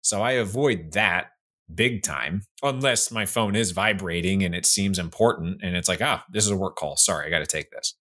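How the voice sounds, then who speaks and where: A man co-hosting a podcast who chats casually and pokes fun at himself. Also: sits low. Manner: animated, self-deprecating, quick asides. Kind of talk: casual conversational chat.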